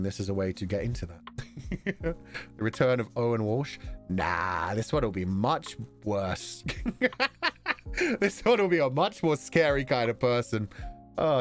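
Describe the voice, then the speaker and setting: A man with a Belfast accent streaming a casual chat, rambling and laughing often as he talks. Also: mid-range voice. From Northern Ireland.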